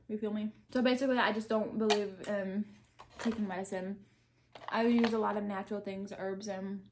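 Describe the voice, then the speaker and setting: A young woman answering question cards while eating, talking candidly and thinking aloud. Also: medium pitch. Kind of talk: casual mukbang chat.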